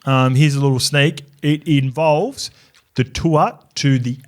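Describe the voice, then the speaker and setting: A man's voice: medium pitch, a little slow. A man from New Zealand co-hosting a sports podcast, chatting casually with frequent restarts and swearing. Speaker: podcast co-host.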